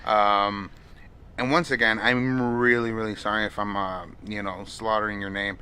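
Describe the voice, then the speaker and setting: A podcast co-host with a voice on the low side talks loosely at a moderate pace in a casual chat, rambling with plenty of fillers and restarts. His delivery is flat, and his voice sounds pushed and bright yet smooth.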